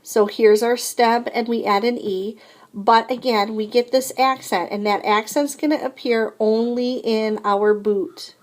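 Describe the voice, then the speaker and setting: A woman's voice: a little high, steady tone, a little slow. A woman teaching French in a recorded lesson, explaining verb endings patiently and modeling each conjugation aloud.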